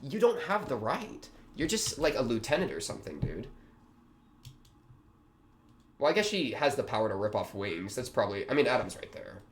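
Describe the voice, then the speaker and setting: A man's voice: mid-range voice, sing-song, brisk, a little hiss or hum. A young man hosting a reaction video, talking in a rambling, slangy way with lots of fillers. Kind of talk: casual reaction commentary.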